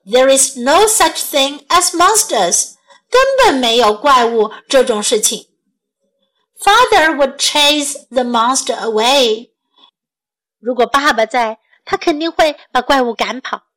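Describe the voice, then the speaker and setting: Woman storyteller, high voice, slow and gentle bilingual bedtime reading. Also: animated, rough recording. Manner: gentle, slow and clear, as if for children.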